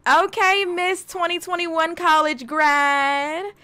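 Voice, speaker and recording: A young woman giving casual, slangy gameplay commentary, talking straight to her game character and breaking into excited exclamations. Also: very high voice, takes it slowly, dry recording. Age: young adult. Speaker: gaming video host.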